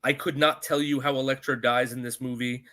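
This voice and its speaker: A man's voice: medium pitch, flat delivery, brisk, pushed and bright. A man co-hosting a podcast, ranting sarcastically and swearing while reviewing a movie. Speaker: podcast co-host. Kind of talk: casual movie review chat.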